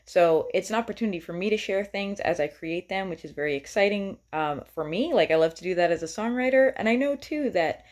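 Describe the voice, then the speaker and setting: A woman's voice: mid-range voice, lively intonation, a little fast, hardly any pauses, darkish tone. A woman singer-songwriter talking casually and enthusiastically to her viewers, with lots of fillers. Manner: chatty and enthusiastic, with many fillers.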